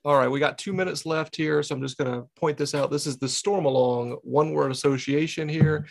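Upbeat male host, gravelly and fairly high voice. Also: brisk. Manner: upbeat, laughs often, energetic. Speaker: podcast host. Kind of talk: casual talk show.

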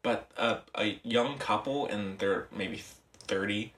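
A young man hosting a casual film podcast, talking with a relaxed, dry understatement. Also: on the low side, takes it slowly, recorded from a distance. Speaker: podcast host. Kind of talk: casual chat. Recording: roomy echo, voice set back from the mic.

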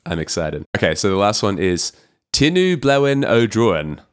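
A man's voice: lowish voice, big pitch swings, moderate pace, smooth. A man co-hosting a podcast in casual chat, playful and teasing, laughing often. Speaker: podcast co-host.

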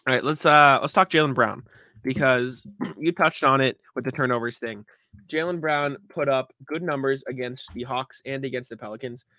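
Bright-voiced man chatting basketball. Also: medium pitch, moderate pace, no room sound. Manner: conversational, uses fillers and laughs, clears throat often. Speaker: podcast co-host. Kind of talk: casual sports podcast chat.

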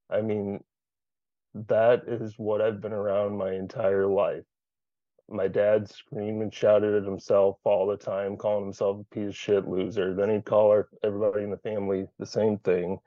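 A man sharing candidly in a support group meeting over a video call, swearing freely and thinking out loud. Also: lowish voice, flat delivery, measured pace, dry recording, dull audio.

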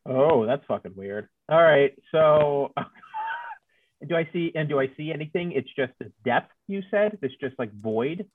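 Joking man with a slightly high voice. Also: huge pitch swings, measured pace, breathy edge, no room sound. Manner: joking, thinks out loud with many restarts. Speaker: player. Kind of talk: playing a tabletop game over a call. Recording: dull, lo-fi mic.

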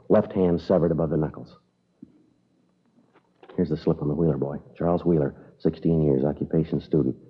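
A man's voice: a bass voice, husky. A man playing a police detective who speaks in a clipped, matter-of-fact way, in an old radio drama. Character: stern, steady male police detective. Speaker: police officer. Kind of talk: 1950s radio drama acting. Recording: tinny old radio broadcast.

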